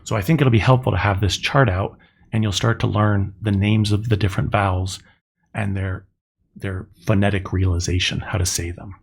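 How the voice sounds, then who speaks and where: Casting note: middle-aged male teacher, low gravelly voice, patient and methodical lecture delivery. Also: fairly even intonation. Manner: slow, methodical explaining, spelling out sounds. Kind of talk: recorded classroom lecture.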